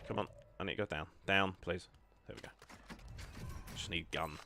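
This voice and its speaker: A man's voice: sits low, normal speed, creaky, bright, forceful tone, slight background noise. A young man hosting a gaming video, chatting casually and self-deprecatingly with lots of ums. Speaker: gaming channel host. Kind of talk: casual gameplay chat.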